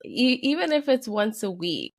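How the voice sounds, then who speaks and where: A woman's voice: a little high, sing-song, normal speed, no echo. A young woman co-hosting a podcast, telling a long personal story in casual chat, full of fillers. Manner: chatty storytelling, many fillers. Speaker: podcast co-host.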